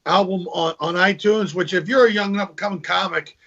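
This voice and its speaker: Male comic guest, higher voice, husky, muffled call audio. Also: fairly even intonation, a little fast, fairly bright tone. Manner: storytelling, acts out joke voices, repeats words. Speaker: guest comedian. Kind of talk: casual video call interview. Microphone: video call. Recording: dull lo-fi video call audio.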